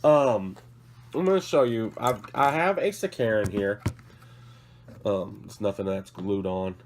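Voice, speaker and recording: Fairly low-pitched and unhurried, this hobby channel host speaks with slight background noise around him. He's ill with a cough and sits at his work table showing models in a casual vlog, rambling apologetically and correcting himself as he goes.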